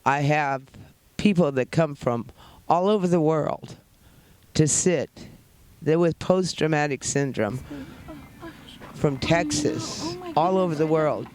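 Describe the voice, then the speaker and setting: A woman's voice: sits low, a little mellow. A woman from New Mexico, founder of a wolf sanctuary, giving an earnest, emotional guided tour outdoors. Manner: emotional, earnest, talks fondly to the wolves. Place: outdoors at animal enclosures.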